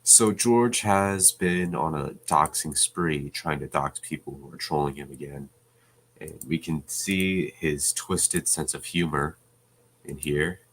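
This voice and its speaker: A man's voice: extremely low pitch, slow pace, fairly bright tone, breathy edge. A man hosting reaction commentary, speaking in a scornful, dismissive way. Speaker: channel host.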